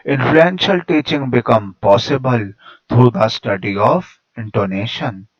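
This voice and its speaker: Man reading a lesson aloud, muffled sound. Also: medium pitch. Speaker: teacher. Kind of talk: read-aloud lecture narration. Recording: dull lo-fi recording.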